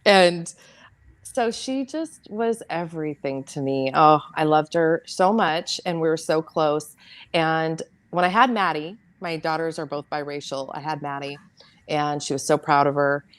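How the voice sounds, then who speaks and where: A middle-aged American woman, a podcast guest, telling a painful family story in an earnest, halting way, repeating words as she goes. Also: sits low, no echo. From United States. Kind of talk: emotional personal storytelling.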